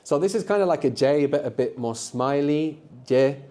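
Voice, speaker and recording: Male language teacher running a live classroom workshop, warm mellow tone, encouraging, keeps checking in with the group. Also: on the high side, lively intonation, moderate pace. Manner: encouraging, quizzes the group with frequent tag questions. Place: classroom with students.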